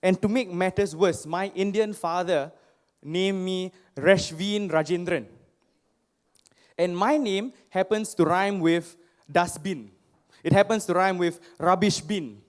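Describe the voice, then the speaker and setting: High-voiced man telling stories on stage. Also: slow pace. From Singapore. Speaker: motivational speaker. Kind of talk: personal storytelling speech to a live audience. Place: stage before a live audience.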